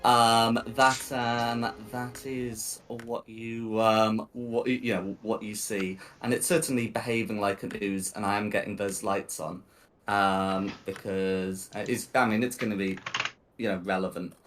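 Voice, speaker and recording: A man narrating a tabletop game as game master, often pausing and restarting his sentences. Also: on the low side, level tone, fairly bright tone, a little hiss or hum. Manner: hesitant, many ums and restarts.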